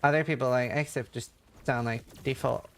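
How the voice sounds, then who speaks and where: A man's voice: medium pitch, fairly even intonation, normal speed. A man from Norway with a light Norwegian accent, a game streamer chatting casually with his viewers, rambling with lots of fillers and playfully imitating accents. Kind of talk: casual chat with chat readers while gaming.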